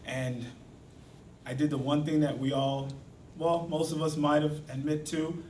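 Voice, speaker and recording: A man delivers a storytelling speech at a speaking club and acts out the lines of the characters in his tale with real animation. His voice sits slightly high for a man. It is picked up from a distance, bouncing around a roomy hall with a faint murmur of the space behind him. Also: flat delivery, unhurried, darkish tone, slight background noise. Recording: echoey hall from far off.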